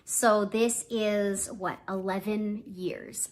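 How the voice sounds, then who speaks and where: A woman's voice: mid-range voice, expressive, takes it slowly, few pauses. A woman who sells for a direct-sales company, from Canada, going over her spending figures year by year in a personal vlog. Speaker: MLM consultant.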